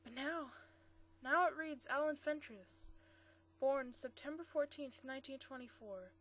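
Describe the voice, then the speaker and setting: A woman reading the part of a timid old male antique dealer in a storybook, speaking softly and hesitantly with a stammer. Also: sits high, measured pace, slight background noise. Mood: nervous. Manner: hesitant, soft-spoken, stammering.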